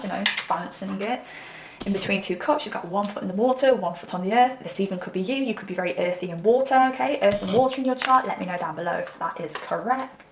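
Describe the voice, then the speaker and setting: A tarot reader in a mid-range voice talks in a chatty, intimate manner, checking in with the person she's reading for. Her recording carries room echo plus a little hiss or hum.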